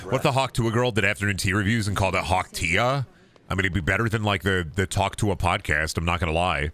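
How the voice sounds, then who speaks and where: A man's voice: sits low, quick pace, background noise. A man streaming a video game, chatting casually with a profane, ranting manner and riffing with his chat.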